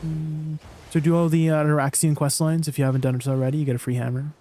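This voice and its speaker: A man's voice: on the high side, level tone, fast, warm tone, soft background music. A man chatting casually on a game live stream, answering viewers' questions and laughing at himself. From Canada.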